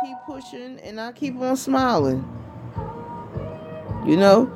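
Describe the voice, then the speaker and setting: A woman's voice: a little high, big pitch swings, slow pace, loud music behind the voice. A woman of about fifty talking casually in a vlog, rambling and chatty, often asking "you know what I mean.". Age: 50s. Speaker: vlogger.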